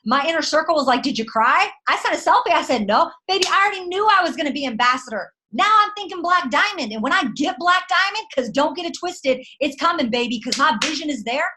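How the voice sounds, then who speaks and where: A woman's voice: sits high, animated, fast talker, few pauses, a little hiss or hum. A woman giving a fired-up motivational pep talk to her sales team. She speaks emphatically, uses slang and fires off punchy rhetorical questions. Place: at home at night.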